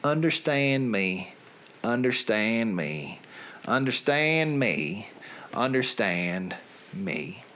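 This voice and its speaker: A man putting on a thick Southern US accent, reading song lyrics in a slow, drawn-out, deadpan recital. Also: mid-range voice, a little hiss or hum, voice pushed down, exaggerated voice. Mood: drawling. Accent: Southern US, put on. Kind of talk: comic dramatic reading.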